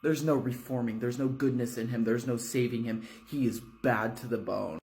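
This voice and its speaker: A man spins a dark horror tale in a casual, loose way, swearing and leaning on fillers. His voice sits at a middling pitch. He speaks from a hotel room. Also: steady tone, moderate pace, creaky. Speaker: storyteller. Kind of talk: horror storytime narration.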